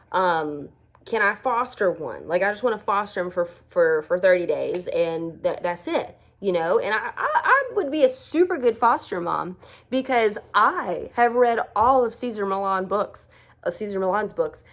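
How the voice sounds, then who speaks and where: A young woman telling a personal story in a chatty, self-deprecating way, acting out the voices of the people in it. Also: mid-range voice. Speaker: vlogger. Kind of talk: casual storytelling.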